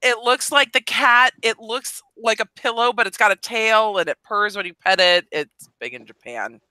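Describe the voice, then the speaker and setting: Bright, wry woman reading the chat. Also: on the high side, normal speed, clear, resonant tone, dry recording, poor audio. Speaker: live-stream co-host reading the chat. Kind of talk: casual live-stream chat.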